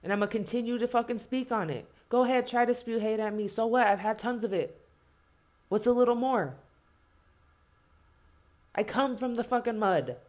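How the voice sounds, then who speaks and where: A woman's voice: a little high, moderate pace, pauses often, a little mellow. A woman delivering an impassioned spoken rant, blunt and heavily profane, hammering points home by repeating herself.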